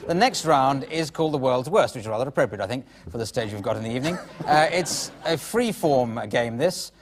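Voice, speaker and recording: A man's voice: mid-range voice, animated, fairly quick. A man hosting an improv comedy show, giggly and flustered as he ad-libs, recorded on a live stage with a studio audience. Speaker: game show host.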